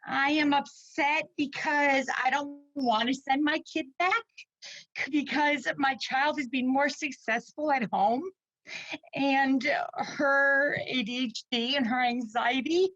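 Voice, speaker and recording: A woman's voice: high voice, steady tone, takes it slowly, a bit bright, no room sound, lo-fi sound. A woman in her forties, a parent and teacher, crying as she gives an emotional public comment at a meeting. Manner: tearful, pleading, shaky.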